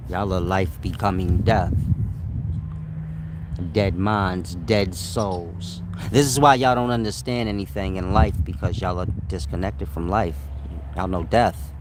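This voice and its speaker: A low-voiced man talks casually on his own show, joking in loose slang and breaking into laughs. Steady noise and the sound of passing cars sit behind him. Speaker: host. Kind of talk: casual livestream talk.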